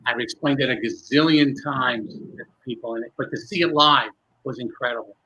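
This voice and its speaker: A man, a magician, telling animated stories in conversation and building suspense as he goes. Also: mid-range voice, normal speed, dull audio. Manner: lively, building suspense with self-interruptions. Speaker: magician recalling a fellow performer.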